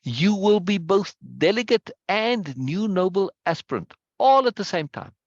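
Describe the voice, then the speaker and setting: Man reading a slow, formal woman leader. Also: sits high, expressive, no echo, lo-fi sound, voice pushed up. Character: measured, deliberate woman leader.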